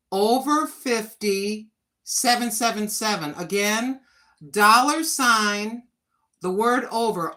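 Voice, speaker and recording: A woman in her sixties with a fairly high, bright, forceful voice talks straight to her livestream viewers. She vents bluntly and with frustration, swearing freely as she goes. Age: 60s. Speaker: livestream host. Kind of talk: casual livestream venting.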